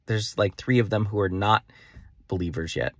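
A young man talking excitedly in a rambling daily vlog about his faith coaching plans, full of "like" fillers. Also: fairly low pitch, moderate pace, dry recording. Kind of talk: enthusiastic daily vlog monologue.

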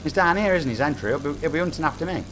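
A man's voice: fairly high pitch, expressive, very fast, fairly bright tone, slight background noise. A man in his forties with a Nottingham accent, chatting and bantering while streaming a game live. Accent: Nottingham English. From England. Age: 40s. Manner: chatty, reads chat aloud, jokey banter.

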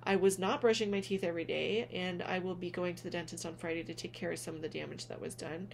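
A woman speaking gently and earnestly to her viewers in a heartfelt vlog, calling them honey as she encourages them. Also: lowish voice, fairly even intonation, fast, gravelly, a little hiss or hum. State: tearful at moments. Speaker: spiritual vlogger, reader. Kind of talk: heartfelt direct-to-camera vlog.

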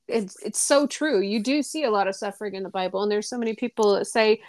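A woman hosting a podcast interview, upbeat and quick to laugh. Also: mid-range voice, darkish tone. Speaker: podcast host. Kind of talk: casual interview chat.

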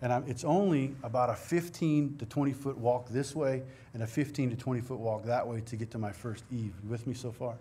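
A man's voice: medium pitch, steady tone, fairly quick, few pauses, mellow, slightly rough. A middle-aged man preaching a sermon in a church, earnest and conversational, mixing scripture reading with personal stories. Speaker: pastor. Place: church sanctuary.

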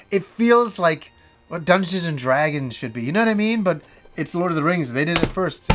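A middle-aged man hosts a casual show, gushing over films he loves. His voice sits high, and he rambles with eager restarts and the occasional swear word. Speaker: host. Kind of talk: casual movie list talk.

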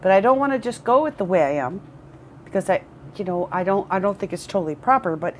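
A woman's voice: medium pitch, lively intonation, fast talker, slight background noise. A woman recording a candid personal vlog at home, rambling, repeating words and swearing. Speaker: vlogger. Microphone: headphones with camera.

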